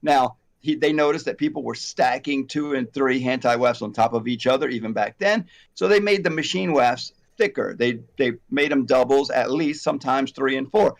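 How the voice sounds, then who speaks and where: A man's voice: medium pitch, moderate pace, vocal fry. Rambling, chatty male salon educator. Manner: rambling, animated, self-deprecating, frequent fillers. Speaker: hair extension educator, host. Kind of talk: casual conversational chat.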